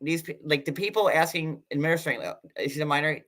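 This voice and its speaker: A man hosting a casual livestream, chatty and sarcastic, filling his talk with "like" and quick asides. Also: on the high side, fairly bright tone. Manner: chatty, sarcastic, full of "like" fillers. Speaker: host.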